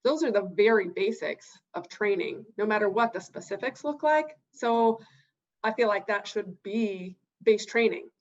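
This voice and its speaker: A woman coach joining a podcast chat, relaxed and using fillers as she adds her point. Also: medium pitch, unhurried. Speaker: running coach, podcast guest. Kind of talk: casual podcast discussion. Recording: dull lo-fi sound.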